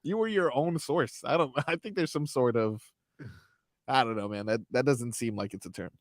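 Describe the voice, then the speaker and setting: A man's voice: medium pitch, moderate pace, dry recording, clean studio sound. A man co-hosting a sports radio show, teasing his co-hosts in casual, laughing banter. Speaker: radio co-host.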